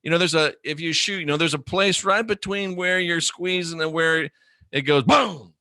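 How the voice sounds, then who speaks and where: A man's voice: fairly high pitch, fairly even intonation, normal speed, sharp tone, dry recording, clean studio sound. A middle-aged man hosting a livestream, reading viewer comments aloud in a blunt, profane, joking way. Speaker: livestream host reading chat. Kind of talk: casual live chat.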